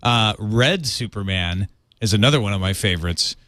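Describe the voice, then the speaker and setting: A man co-hosting a podcast, chatting casually with dry jokes and quick bursts of talk. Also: fairly low pitch, lively intonation, a bit bright, no echo. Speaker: podcast co-host. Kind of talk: casual chat.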